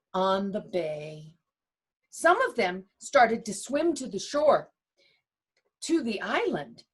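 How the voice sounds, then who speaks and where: A woman reading a children's story aloud as a storyteller, in an expressive, dramatic way. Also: a little high.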